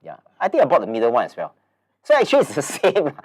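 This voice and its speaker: A man's voice: fairly high pitch, wildly swooping pitch, quick pace. A man in his forties with a Singaporean English accent and a nasal, blocked-nose voice, hosting a casual webinar in a chatty, rambling way with many fillers and repeated words. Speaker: webinar host.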